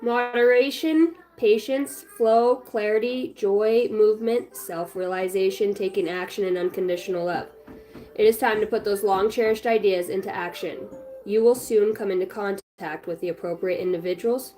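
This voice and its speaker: A woman's voice: medium pitch, normal speed, mellow. A woman giving a casual, blunt, encouraging tarot reading at home, swearing freely. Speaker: tarot reader. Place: home with her small child nearby.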